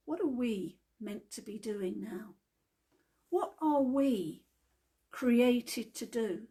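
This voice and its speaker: A woman gives a gentle devotional talk, telling stories in an unhurried, chatty way. Her fairly high voice has a gravelly, husky edge, and she speaks slowly.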